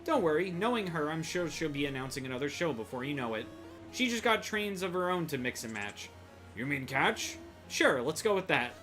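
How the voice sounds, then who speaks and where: Bright, jokey male game streamer. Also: a little high, very animated, moderate pace, soft background music. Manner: jokey, chatty, greets chat. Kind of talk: casual gameplay commentary.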